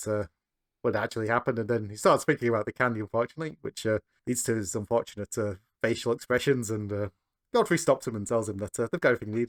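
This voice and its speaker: A man co-hosting a podcast, recapping a cartoon episode in casual chat and chuckling between beats. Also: mid-range voice.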